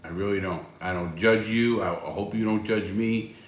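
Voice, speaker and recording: A man's voice: lowish voice, normal speed, echoey room. A man hosting a casual live stream from home, reading viewer chat and answering in a blunt, rambling way with heavy swearing. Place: at home, smoking a cigar.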